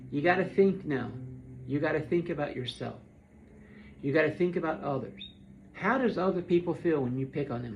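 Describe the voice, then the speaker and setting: A vlogger addresses his viewers directly in an earnest, pleading, heartfelt monologue, stumbling and repeating words. His voice is slightly high with a gravelly edge, and the dull, lo-fi recording carries a little background noise.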